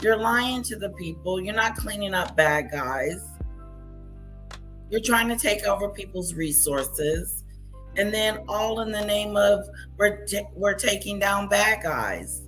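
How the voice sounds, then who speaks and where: Slow, bright-toned mocking woman. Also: mid-range voice, lively intonation, soft background music. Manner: scornful, exclaiming, talks back at clips. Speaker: commentary streamer. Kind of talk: reaction commentary.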